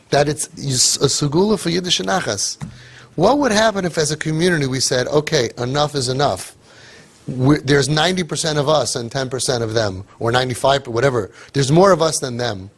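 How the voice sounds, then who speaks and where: Husky guy, kinda high voice, telling a story all animated, throws in yiddish words. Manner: animated, acts out quoted voices, Yiddish and Hebrew terms. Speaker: speaker on outreach to youth.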